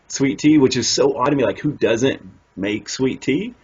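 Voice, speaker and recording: A man's voice: mid-range voice, moderate pace, a little mellow, husky. A man with a Southern accent hosting a casual interview and telling stories in a rambling way, with lots of fillers. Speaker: interview host. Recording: dull lo-fi audio.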